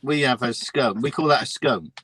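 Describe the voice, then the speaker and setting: A man's voice: medium pitch, normal speed, a crowd in the background, rough recording. London man telling rambling stories. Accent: London English. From England. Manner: rambling storyteller with many restarts. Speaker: guest trucker. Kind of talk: casual chat.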